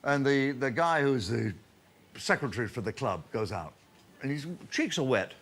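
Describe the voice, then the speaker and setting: A man, a comedian telling anecdotes on stage in lively storytelling punctuated by laughter. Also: mid-range voice, normal speed.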